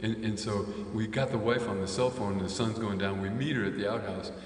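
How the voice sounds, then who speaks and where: A veterinarian and comedian telling a rambling comic story with stammered repeats. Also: male voice, on the low side, steady tone, brisk. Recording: distant echoey hall with faint noise.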